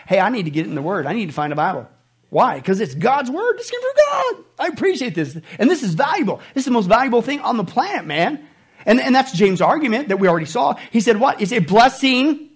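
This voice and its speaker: A middle-aged male pastor preaching a sermon, animated, with laughing asides and mocking voices. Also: very high-pitched, husky.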